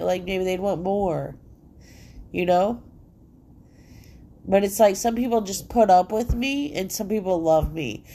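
A woman's voice: mid-range voice, unhurried, dark tone. A woman hosting her own podcast from home, rambling in a casual, profanity-laced monologue full of "like," her nose congested. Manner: profane, rambling, heavy filler "like". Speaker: solo podcast host.

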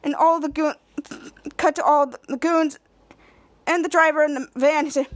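A woman podcast host casually recapping a TV episode. She talks in a halting, stumbling way, restarting and repeating words. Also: high voice, steady tone, dry recording.

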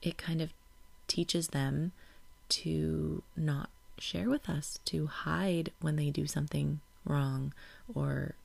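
Low gravelly-voiced woman. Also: fairly even intonation, slow pace, darkish tone, no echo. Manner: reflective, gets emotional and laughs it off. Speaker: parenting podcast host. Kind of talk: casual solo talk.

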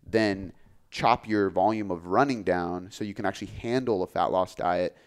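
A man who works as a fitness coach, talking casually on a podcast, relaxed and full of filler words. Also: low-pitched, normal speed, smooth. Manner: relaxed, filler-heavy, says "like" often.

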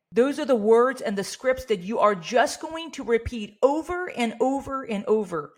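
A woman's voice: on the high side, expressive, moderate pace, few pauses. A middle-aged woman and business owner coaching her staff on handling angry customers, earnest and encouraging, now and then acting out polite service phrases. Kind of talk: workplace training talk.

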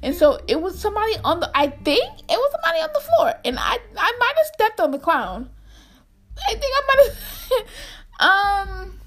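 A young woman casually telling a storytime to her viewers, animated and repetitive, acting out the people in it. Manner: animated, repeats herself, acts out quotes in squeaky voice. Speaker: storyteller vlogger.

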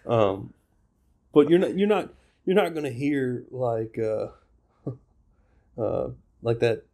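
A man's voice: mid-range voice, expressive, a little slow, mellow. A man from the South, an opinionated, blunt co-host in casual chat. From American South. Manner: opinionated, blunt, puts on mocking voices.

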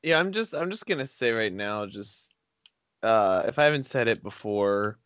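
A man's voice: fairly low pitch, expressive, moderate pace, fairly bright tone, clear, resonant tone, dry recording, highs cut off. Sarcastic, exasperated man chatting. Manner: sarcastic, exasperated, quotes people in voices. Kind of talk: casual storytelling chat.

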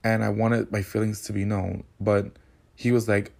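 A man hosts a podcast in a casual storytelling monologue, candid and full of sassy slang. His voice sits fairly low with a gravelly, fry-laden edge. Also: flat delivery, moderate pace, a little mellow. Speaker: podcast host.

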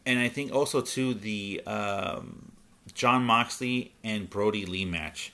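Man, host, casual chat, low pitch, bright tone, halting speech. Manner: halting, many ums and restarts. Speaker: podcast host.

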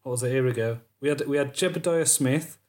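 A man's voice: mid-range voice, fast, a little mellow. Man, podcast co-host, loose jokey delivery that wanders off topic. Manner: rambling, jokey, trails off on tangents. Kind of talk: casual chat.

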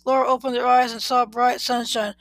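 Woman reading a storybook, flat delivery. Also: a little high, brisk, dry recording, rough recording. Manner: steady, plain reading with occasional self-corrections. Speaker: reader. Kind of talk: reading a children's book aloud.

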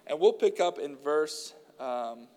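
A preacher with a fairly high, darkish-toned male voice gives an animated sermon at a slow pace. He chats casually with a few fillers, then reads long passages aloud with strong emphasis, his voice trailing a long reverb as if he were in a large hall.

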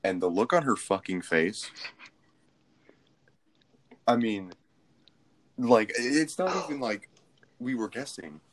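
A man's voice: fairly low pitch, takes it slowly, long pauses. A young man co-hosting a podcast, telling a rambling, profane story in casual chat. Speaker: podcast co-host.

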